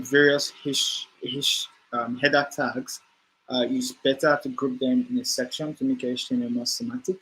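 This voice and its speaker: A man walks through a coding tutorial at a middle pitch, thinking aloud with frequent fillers and restarts. A faint noise hums under his voice. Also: a bit bright, rough recording. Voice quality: hesitant, many fillers and restarts while explaining. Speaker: coding instructor. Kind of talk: screen-share coding tutorial.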